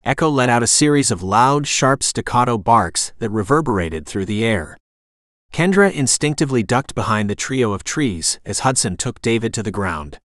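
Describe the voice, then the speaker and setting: A man reading a suspense novel aloud as audiobook narrator, steady and lively. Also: medium pitch, moderate pace, no echo, studio quality. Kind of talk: scripted narration.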